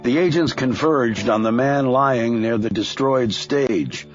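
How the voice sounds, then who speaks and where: A man narrating a thriller audiobook in a measured, expressive storytelling manner with a husky voice. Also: mid-range voice, dull audio, soft background music.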